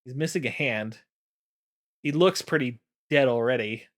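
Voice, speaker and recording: A man's voice: medium pitch, unhurried, fairly bright tone, natural voice. A man voicing a clever male dragon who talks in a casual, chatty way. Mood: scheming.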